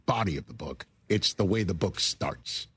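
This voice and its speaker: A man's voice: low voice, animated, normal speed, a bit bright. A male radio host interviewing a guest, enthusiastic and affirming.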